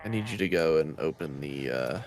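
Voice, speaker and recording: A man's voice: extremely low pitch, animated, fairly quick, background noise. A man chatting casually in a co-op game, laid-back and joking as he directs his teammates. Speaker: gamer. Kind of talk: casual co-op gaming chat.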